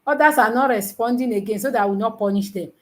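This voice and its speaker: A woman tutoring nurses in a live online lesson, teasing her students and quizzing them with repeated questions, counting aloud slowly. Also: on the high side. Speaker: nursing exam tutor.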